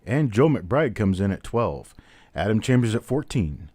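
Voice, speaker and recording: A man's voice: on the low side, sing-song, a little slow, darkish tone, no echo. A man hosting a live-stream coin auction, chatty, calling out bidders and prices one after another. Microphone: webcam on a stand.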